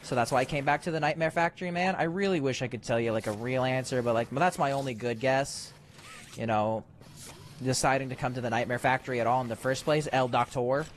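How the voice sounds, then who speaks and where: A man's voice: medium pitch, brisk, a little hiss or hum. A man giving ranting let's-play commentary, sarcastic and exasperated, swearing freely. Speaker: gaming commentator.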